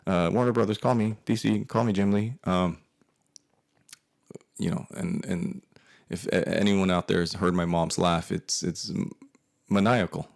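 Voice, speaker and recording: Low gravelly man telling a rambling story. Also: fairly even intonation, measured pace, pauses often. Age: 40s. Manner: profane, rambling, with frequent restarts. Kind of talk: comedic personal storytelling.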